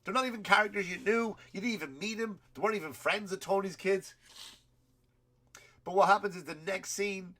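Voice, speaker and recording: A man's voice: sits high, fairly quick, bright, forceful tone. Profane man ranting, with a cold. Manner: rambling, profane, laughing at his own stories. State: has a cold. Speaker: comedian and podcast host. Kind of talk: comedic rant.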